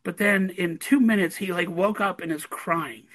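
A man, a parent of a toddler, telling a story in casual conversation, animated and laughing often between lines. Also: high-pitched, normal speed, rough recording. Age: adult parent of a toddler.

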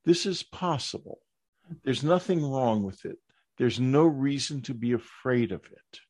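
An older man hosting an interview podcast, speaking in a measured, earnest way. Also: medium pitch, expressive, darkish tone, dry recording. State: hiccups. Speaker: podcast host.

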